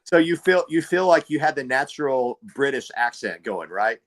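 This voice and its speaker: A man's voice: mid-range voice, animated, moderate pace. A man hosting a casual chat, talking in an upbeat, encouraging way. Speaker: host, actor.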